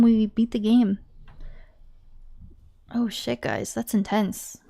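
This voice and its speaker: A woman's voice: a little high, darkish tone. A young woman streaming a video game, chatting casually and talking straight to her viewers, laughing easily. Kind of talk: casual live-stream chat.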